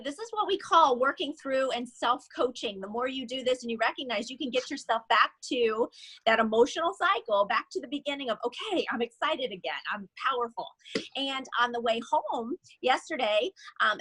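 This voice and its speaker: A woman giving a motivational sales talk, telling stories in an animated way and acting out the quoted voices. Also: sits high, husky, no echo, poor audio.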